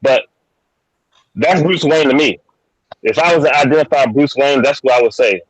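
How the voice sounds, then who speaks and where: A man co-hosting a podcast in casual chat, relaxed and talking in repeated short phrases. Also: medium pitch, moderate pace, no room sound, low-quality recording. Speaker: podcast co-host.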